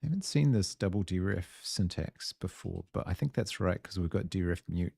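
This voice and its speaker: Gravelly low-voiced Kiwi man. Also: lively intonation, normal speed, darkish tone, no echo, studio quality. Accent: New Zealand. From New Zealand. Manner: muses aloud, trails off, chats with viewers. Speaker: live-coding streamer. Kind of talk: casual thinking-aloud coding stream.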